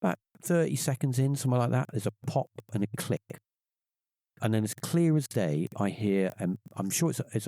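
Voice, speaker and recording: A middle-aged man tells a story in a lowish, mellow voice, jumping up in pitch to act out the people in it. The recording is dry and close, with no room sound. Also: dry recording. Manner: animated, acts out quoted voices in a higher pitch. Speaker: podcast guest. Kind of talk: casual storytelling.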